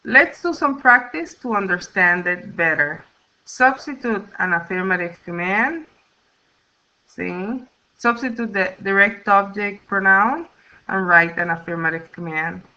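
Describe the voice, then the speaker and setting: Woman, language teacher, narrated lesson recording, slow methodical delivery, dull lo-fi sound. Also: medium pitch, sharp tone. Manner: slow, careful explaining with counting steps. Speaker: Spanish teacher. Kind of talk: recorded slide lecture.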